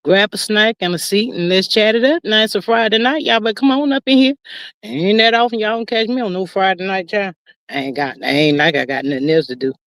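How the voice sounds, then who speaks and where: A woman's voice: mid-range voice, fairly quick, a bit bright, dry recording, studio quality. Chatty woman hosting a livestream. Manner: chatty, playful, Southern-inflected slang. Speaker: livestream host. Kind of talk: casual chat.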